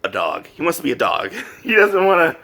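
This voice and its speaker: A man casually recapping a manga, animated and full of fillers, laughing often. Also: on the high side, a little fast, creaky. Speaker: manga reviewer. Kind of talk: casual review chat.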